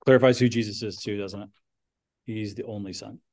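A man's voice: on the low side, steady tone, a little fast, darkish tone. A man teaching a Bible class, thinking aloud with frequent restarts and putting questions to his students.

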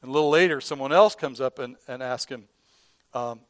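A man preaching a sermon in an earnest way, who often repeats and restarts words and drops from loud emphasis to a hush. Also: mid-range voice, fairly quick, no echo. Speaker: pastor.

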